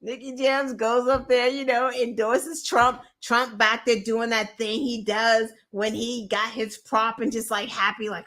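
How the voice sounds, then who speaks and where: A woman's voice: a little high, flat delivery, unhurried, hardly any pauses, fairly bright tone. A woman hosting a show, giving casual, profane political commentary, incredulous and laughing between points. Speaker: podcast host.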